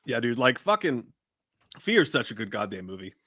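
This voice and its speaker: A man's voice: mid-range voice, brisk, no room sound, studio quality. A man co-hosting a live movie stream, rambling casually and swearing a lot. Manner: profane, rambling, excitable. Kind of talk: casual chat.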